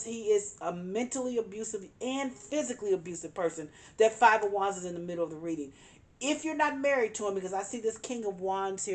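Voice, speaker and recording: Female tarot reader, mid-pitched, earnest, emphatic delivery that repeats its warnings. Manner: calls on spirit guides. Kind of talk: tarot reading monologue.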